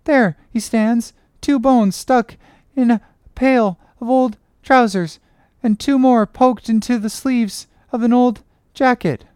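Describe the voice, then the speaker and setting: In an audiobook character reading, a woman plays a crazed young cabin boy who chants and rambles in a sing-song. Her clean, smooth voice sits a little high with a darkish tone and drifts very unhurriedly. The studio recording is dry, close and echo-free, like a storybook reading.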